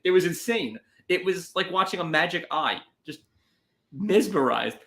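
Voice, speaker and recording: A young man co-hosting a casual comedy podcast, riffing sarcastically and dropping quick impressions. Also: sits high, lively intonation, vocal fry, a bit bright. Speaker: podcast co-host.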